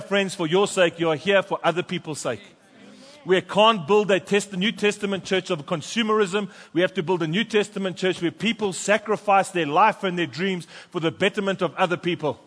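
A pastor preaching a sermon and reading scripture aloud with fervent emphasis in a church. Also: male voice, sits high, a bit bright. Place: church sanctuary. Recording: long church reverb.

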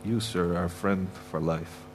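Heavy background noise surrounds a deep, steady voice as a Canadian guest preacher speaks at a moderate pace in a church sanctuary. He delivers a heartfelt sermon, hammering home his points through repetition and blessing the congregation.

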